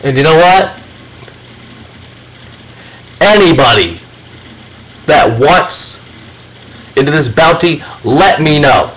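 A man's voice: on the high side, expressive, slow, long pauses, fairly bright tone, low-quality recording. A man delivering an angry, profanity-filled rant to camera, confronting a rival directly. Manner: confrontational, swears heavily, addresses a rival directly. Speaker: video channel host.

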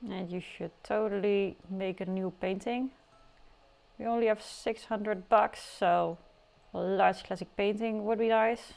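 A woman's voice: mid-range voice, fairly even intonation, measured pace, vocal fry, a little mellow. A woman casually narrating her life simulation gameplay in a chatty, teasing way, with playful outbursts. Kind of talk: casual game commentary. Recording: faint music behind.

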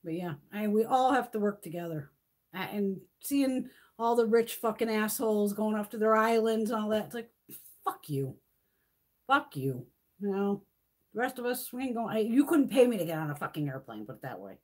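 A middle-aged woman hosting a beauty livestream, chatting casually and telling animated stories, swearing freely. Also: mid-range voice, normal speed.

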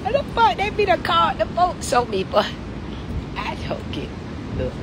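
A woman's voice: big pitch swings, moderate pace, a crowd in the background. Swearing woman ranting on a noisy livestream. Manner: profane, heated ranting with big pitch swings. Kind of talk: livestream rant.

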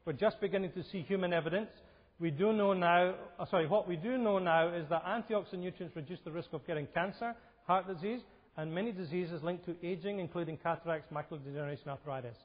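The lo-fi recording, full of hall reverb, captures a man speaking at a quick pace in a high-pitched voice. He's giving a health talk in a church hall, conversing with the audience and asking them questions.

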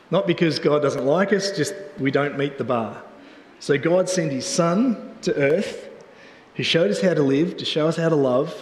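An Australian man preaching a sermon as pastor, telling a casual, chatty story with many restarts. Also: a little high. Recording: echoey church hall.

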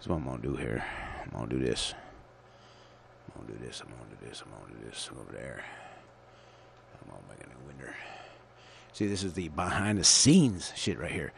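A man's voice: extremely low pitch, expressive, brisk, vocal fry, background noise. A man hosting his own show, rambling through a crude, profane, absurd monologue into a computer call setup. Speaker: solo show host.

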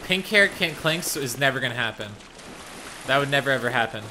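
A man's voice: mid-range voice, expressive, fairly quick, noisy background. A man streaming a game live, casually chatting and teasing his chat. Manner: playful, teasing, reads chat aloud.

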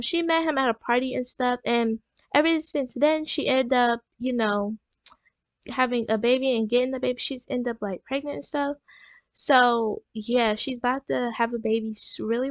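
A woman's voice: a little high, no room sound. A woman hosting a gaming channel, telling her game's story in a rambling, casual way full of fillers. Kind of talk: casual let's-play narration.

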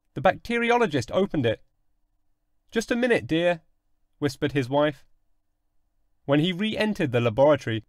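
A man narrating a classic short story in an expressive, dramatic audiobook reading. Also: on the high side, no echo, clean studio sound.

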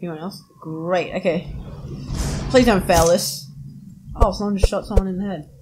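A woman's voice: on the low side, moderate pace, heavy background noise. A woman commentating while playing a video game, yelping and laughing at what happens on screen. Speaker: gaming video host. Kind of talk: let's play commentary.

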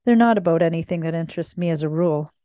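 A woman's voice: deep voice, racing, warm tone, dry recording, natural voice. A woman reading as an easygoing young man. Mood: offhand.

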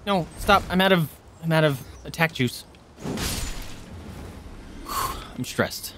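A man's voice: a little high, very slow, long pauses, music in the background. A man livestreaming a game, chatting to viewers and yelping and swearing at enemies. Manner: excitable, yelps and swears at enemies; chatty, thanks viewers by name. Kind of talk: live gameplay commentary.

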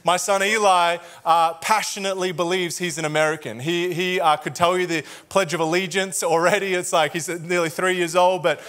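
Australian pastor, jokey conversational preacher, a higher voice with a forceful edge. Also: male voice, steady tone, moderate pace, few pauses, soft background music. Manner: joking, conversational preaching to a crowd. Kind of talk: sermon. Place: church auditorium.

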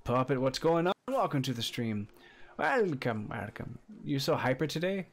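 A man streaming a survival game live, chatting with viewers and reacting excitedly as he plays. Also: moderate pace, gravelly. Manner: excitable, chatty, greets viewers, bursts into high squeals and laughs. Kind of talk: casual live-stream commentary. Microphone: desk condenser mic.

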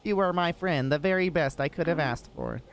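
A man voicing a gentle small male robot drone, reading its lines aloud in an earnest, plain way. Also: a little high, fairly quick, vocal fry. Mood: tender. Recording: noisy background.

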